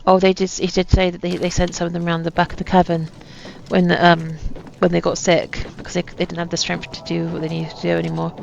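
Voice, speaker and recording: A woman's voice: fairly low pitch, completely flat delivery, fast talker, creaky, few pauses, a little mellow. Wry woman commenting on her gameplay. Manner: chatty, wry, self-mocking asides. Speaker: gaming channel host. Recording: dull lo-fi sound with faint ambience.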